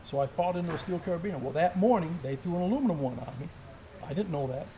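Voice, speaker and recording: A middle-aged man with a fairly high voice tells an old army story in a gun shop. He is animated and laughs through his words, and a faint hiss of noise sits under him. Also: fast talker. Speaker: former Special Forces soldier. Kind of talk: casual chat, war story.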